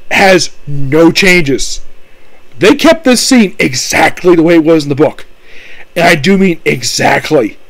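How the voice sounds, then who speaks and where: Casting: male anime reviewer, high voice, casual rambling delivery, dry close sound. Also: no room sound, low-quality recording. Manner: rambling, full of fillers like "basically" and "of course".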